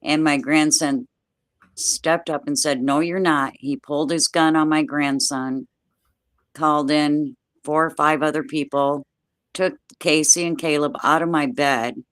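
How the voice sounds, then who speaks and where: An older woman appearing as a guest tells a personal story over a video call from home. Her deep voice is a little slow, with no room sound, and she speaks in plain, steady words using everyday dialect grammar.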